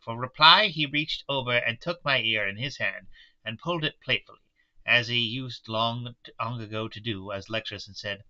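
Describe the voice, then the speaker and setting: A man's voice: medium pitch, moderate pace, bright, forceful tone, muffled recording. A man reading a novel aloud live, with self-deprecating asides between passages. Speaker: reader. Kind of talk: live book reading with commentary.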